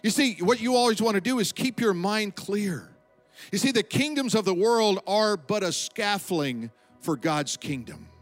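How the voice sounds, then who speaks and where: High-voiced man preaching a sermon. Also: lively intonation, soft background music. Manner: emphatic preaching, slowing for stress and dropping low at line ends. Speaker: pastor.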